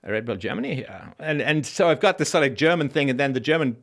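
A male host with a medium-pitched, expressive, trained voice and some vocal fry fields viewer comments in a live-stream Q&A. He speaks conversationally, with halting restarts.

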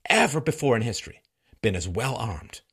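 A middle-aged man delivers a mocking monologue commentary, his pitch swinging widely from line to line. His voice sits at an average pitch for a man. He rants with sarcasm and laughs now and then. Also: very animated, a little fast, a bit bright, breathy edge.

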